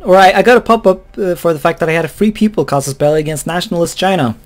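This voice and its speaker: A let's play host with a fairly high voice talks fast, giving casual, rambling commentary over a strategy game while chuckling and swearing offhandedly.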